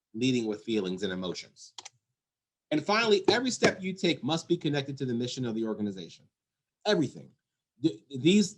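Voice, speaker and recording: A man who runs an emergency call center, giving an earnest, emphatic leadership talk and repeating his key points. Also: medium pitch. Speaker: 911 center executive director.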